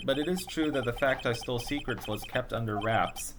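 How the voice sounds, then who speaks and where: A man's voice: mid-range voice, noisy background. A man reading a courtroom game's dialogue aloud in a playful let's play, joking and punning between lines. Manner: jokey, riffs and puns between lines, quick asides. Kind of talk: playful let's play narration with voiced characters.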